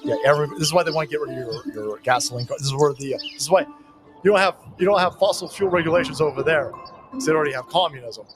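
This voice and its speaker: A man's voice: fairly high pitch, racing. A man streaming a strategy game, ranting and swearing as he reads and answers chat, with game music playing behind him. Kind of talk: profane gaming stream commentary.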